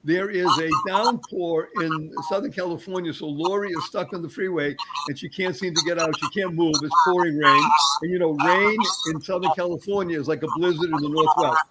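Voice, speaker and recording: A man's voice: a little high, steady tone, fairly quick, hardly any pauses. A man hosting a live webinar panel over a video call, upbeat and rambling, with many fillers. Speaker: host. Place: home office in Nevada. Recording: noisy video call audio.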